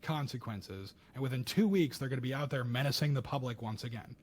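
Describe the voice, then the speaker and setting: Young guy on a podcast going off about the news, gets loud and worked up, voices what other people said. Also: brisk. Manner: animated, acts out quoted voices with rising pitch and loudness. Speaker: podcast co-host. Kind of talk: casual political commentary chat.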